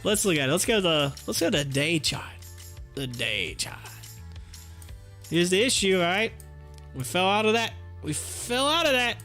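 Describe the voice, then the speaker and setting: A man's voice: high voice, sing-song, moderate pace, pauses often, bright, forceful tone, soft background music. A man doing casual live-stream commentary on stocks, joking and laughing often and slipping into mocking voices.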